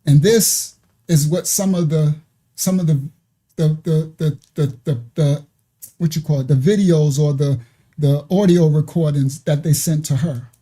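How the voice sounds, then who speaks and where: A man's voice: a little high, a little slow, mellow. A man hosting a ministry channel, talking through a case in casual commentary, laughing often and stumbling over repeated words.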